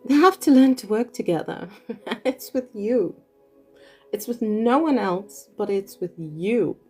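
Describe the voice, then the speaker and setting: Woman, card reader, casual chat, giggly, warm mellow tone. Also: medium pitch, animated, measured pace, breathy edge, faint music behind. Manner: chatty, giggles often. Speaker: tarot reader. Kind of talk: casual card reading to viewers.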